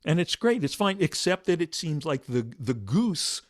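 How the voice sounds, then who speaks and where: A man leading a meditation discussion, speaking softly and reflectively with halting restarts. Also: a little high, big pitch swings, no room sound, clean studio sound. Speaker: meditation teacher.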